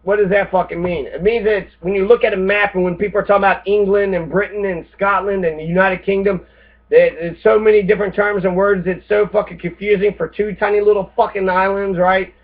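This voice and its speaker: A man's voice: high-pitched, steady tone, brisk. Profane rambling American man, tinny sound. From United States. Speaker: host. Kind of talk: casual rant monologue. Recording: tinny phone-like lo-fi audio.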